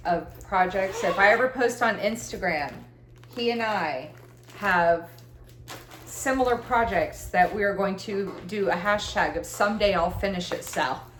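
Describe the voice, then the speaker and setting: A chatty, rambling woman talks casually from a room at home. Her voice sits at an ordinary middle pitch and bounces off the walls of an echoey room. A faint hiss of noise runs underneath. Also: a bit bright. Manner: rambling, chatty, self-deprecating with laughs. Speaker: cross-stitch vlogger. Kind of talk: casual chat.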